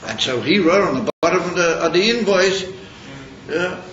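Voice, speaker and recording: A man teaching Chassidus in an informal Torah lecture, halting and searching for words as he tells a story. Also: sits high, animated, a bit bright. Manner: halting, searching for words, mixing Yiddish and Hebrew terms. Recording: roomy, dull, noisy recording.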